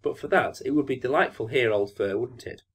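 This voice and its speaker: A man's voice: medium pitch, fairly quick, a bit bright, slightly rough. A man voicing a small, chirpy male mouse in a storybook reading. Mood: chilly.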